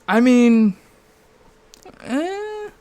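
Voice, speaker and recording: A man co-hosting a podcast, tossing in joking banter and quick quips. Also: very high voice, big pitch swings, dark tone, a little hiss or hum. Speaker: podcast co-host. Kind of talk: casual chat.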